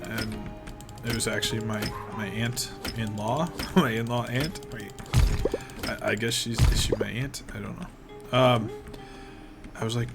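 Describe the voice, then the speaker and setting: A man giving relaxed, rambling gameplay commentary, chatting with asides as he plays. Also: mid-range voice, measured pace. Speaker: gaming channel host. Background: game music.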